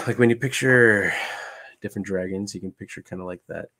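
A man's voice: on the low side, unhurried, background noise. A man chatting casually on a live stream, thinking aloud with restarts and greeting viewers while showing a puppet build.

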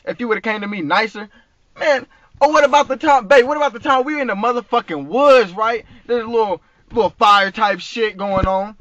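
A man rants heatedly in street slang from inside a parked car, his voice high and bright. The phone recording is dull and dry, with no room echo. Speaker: vlogger. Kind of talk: angry ranting story.

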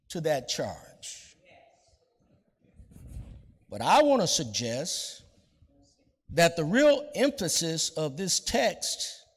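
A male pastor preaching a sermon with a deliberate cadence, drawing out the words he stresses. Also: high-pitched, big-room sound.

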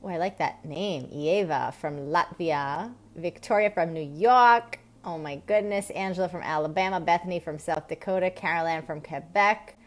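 A woman in her thirties hosting a weekly live stream, chatting casually in a bubbly, rambling way with many fillers and quick laughs. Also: on the low side. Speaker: host of a weekly live stream on women's health.

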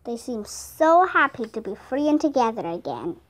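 A woman with Vietnamese as her first language voicing a cheerful, tender young girl who speaks softly. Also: a little high, very animated, moderate pace, low-quality recording.

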